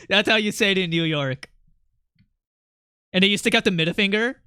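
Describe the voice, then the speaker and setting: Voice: mid-range voice, expressive, brisk, pauses often, bright, forceful tone, smooth, no echo, clean studio sound. A streamer chatting casually and playfully with chat while drawing, rambling with lots of fillers.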